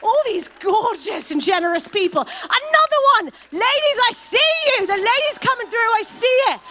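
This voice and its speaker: A woman's voice: very high-pitched, lively intonation, moderate pace, bright, forceful tone, slight background noise. A woman leading a live fundraising paddle raise at a gala, calling out donation amounts and heaping effusive praise on each donor. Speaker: fundraising auctioneer. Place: gala event hall.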